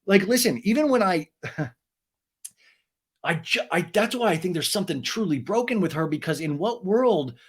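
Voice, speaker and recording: Brief: male podcast host, animated comedic recap, gossipy, slightly high voice. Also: moderate pace, pauses often, breathy edge. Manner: animated, gossipy, swears and laughs often. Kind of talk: comedic reality-show recap.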